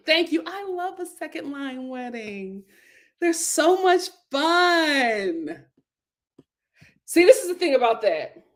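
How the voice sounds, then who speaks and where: A woman hosting a casual live stream, reading viewer comments aloud, laughing often and breaking into loud exclamations. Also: a little high.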